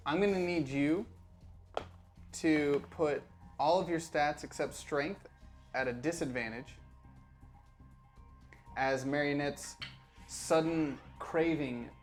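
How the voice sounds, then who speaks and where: A man as game master of a tabletop role-playing game, giving rulings in an easygoing, halting way. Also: on the high side, soft background music.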